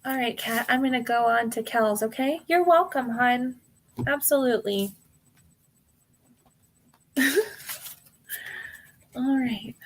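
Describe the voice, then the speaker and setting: An American woman hosts a live tarot reading stream and talks straight to her viewers. Her voice sits a touch higher than most. She is casual and apologetic, laughs often, and calls people hon while working through her list. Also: slow, pauses often, slight background noise.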